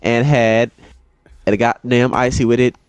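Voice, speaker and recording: A man's voice: medium pitch, measured pace, over a noisy crowd. A man co-hosting a podcast, chatting casually with friends and insistently repeating himself to get the floor. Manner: excited, insistent, repeats "listen" to take the floor. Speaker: podcast co-host. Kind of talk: casual chat among friends.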